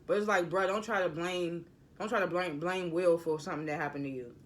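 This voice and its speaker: A man with a notably high voice talks through a TV episode in a loose, rambling way. He stutters and doubles back on his words often, keeping it casual and unscripted. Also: fairly even intonation, brisk, a bit bright. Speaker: TV episode reviewer. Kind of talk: casual spoiler recap.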